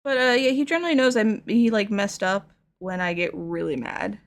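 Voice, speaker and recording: A woman's voice: medium pitch, brisk. A young woman chatting casually and playfully while painting figures on stream, rambling through stories. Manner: rambling, playful, animated storytelling. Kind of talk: casual chat while crafting.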